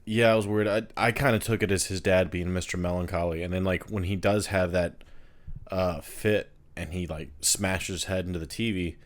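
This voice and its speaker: Deep-voiced man talking films. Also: normal speed. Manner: animated, repeats words when starting sentences. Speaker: podcast co-host. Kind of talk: casual film discussion.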